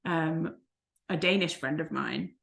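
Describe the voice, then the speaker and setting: A woman's voice: low voice, takes it slowly, creaky, a bit bright. A woman, a life coach co-hosting a vlog, telling stories in casual chat and laughing often. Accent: non-American, unplaced. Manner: chatty storyteller who laughs often.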